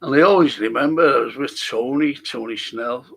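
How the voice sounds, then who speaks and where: A man's voice: medium pitch, moderate pace, vocal fry, fairly bright tone, husky. A man with a Scouse accent from Liverpool, hosting a casual film review chat, rambling and swearing often. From Liverpool, England. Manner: rambling, chatty, swears a lot. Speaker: host.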